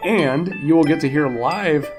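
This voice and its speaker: A man hosting a therapy podcast, talking in an easygoing, steady way and moving quickly through promo reads. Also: fairly high pitch, over music. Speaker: therapist host. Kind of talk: casual podcast chat and ad read.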